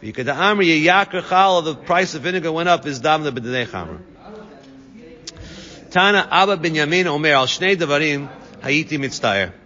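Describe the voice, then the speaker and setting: A man's voice: on the high side, lively intonation, moderate pace, pushed and bright. A man teaching a Talmud class to students, translating each Aramaic phrase into English. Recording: dull lo-fi recording, long reverb.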